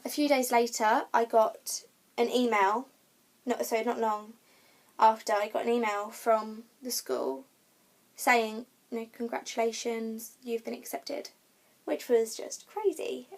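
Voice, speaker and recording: Young woman, casual vlog, slightly high pitch, chatty, lots of ums and restarts. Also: steady tone, measured pace, gravelly. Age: young adult. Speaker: vlogger.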